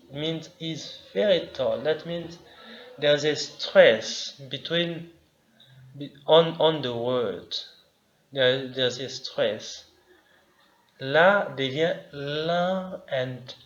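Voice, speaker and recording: A man teaching a language lesson, slowly saying each example word and repeating it. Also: fairly high pitch, a bit bright. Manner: slow and deliberate, repeating example words. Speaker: language tutor. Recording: dull lo-fi sound with faint ambient noise.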